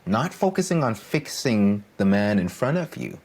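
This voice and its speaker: A man's voice: on the low side, big pitch swings, moderate pace, a little mellow, husky. A man speaking as a coach on a podcast, emphatic and earnest, repeating key phrases and often asking "right?" to draw agreement.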